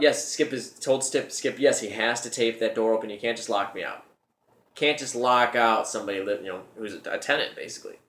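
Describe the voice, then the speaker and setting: A man's voice: medium pitch, a bit bright. Guy rambling through his own story, repeats himself a lot, middle voice, roomy echo. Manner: rambling, repeats words while telling the story. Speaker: show host telling a personal story. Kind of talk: casual storytelling monologue.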